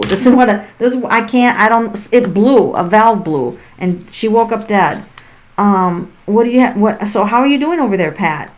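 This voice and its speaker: A middle-aged woman giving tarot readings on a home livestream, chatty and rambling and often laughing, speaking into a laptop mic. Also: mid-range voice. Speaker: tarot reader hosting a live stream. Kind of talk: casual livestream chat while giving readings. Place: at home on a farm. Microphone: laptop built-in mic.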